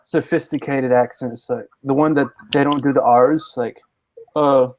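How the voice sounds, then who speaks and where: A man's voice: medium pitch, fairly even intonation, moderate pace, darkish tone, poor audio. Rambling, joking man in casual chat. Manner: joking, rambling, frequent restarts.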